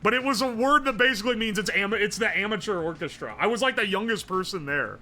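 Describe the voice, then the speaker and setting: A man's voice: high-pitched, expressive, quick pace, sharp tone. A man streaming live, chatting casually and profanely as he rambles and answers his chat.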